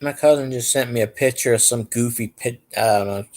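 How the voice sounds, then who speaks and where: A man in a casual chat who chimes in with quick side stories and easy agreement. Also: mid-range voice, a little mellow, slight background noise. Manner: chatty, jumps in with side stories.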